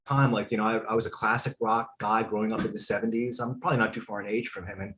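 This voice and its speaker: A man's voice: on the low side, steady tone, fast talker, a bit bright, a little hiss or hum. A man in his fifties, a drummer guest on a video call, looking back on his youth with many fillers. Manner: reminiscing, many fillers and restarts. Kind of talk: casual video call chat.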